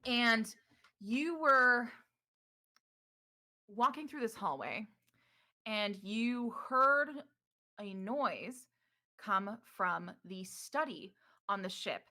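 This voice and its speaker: A woman's voice: a little high, animated, extremely slow, long pauses, bright, forceful tone. A young adult woman narrating as game master in a chatty, affectionate way, with frequent ums.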